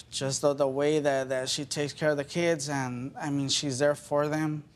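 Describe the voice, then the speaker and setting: A man's voice: fairly high pitch, level tone, unhurried. A man testifying as a husband in a TV courtroom, speaking casually with repeated phrases.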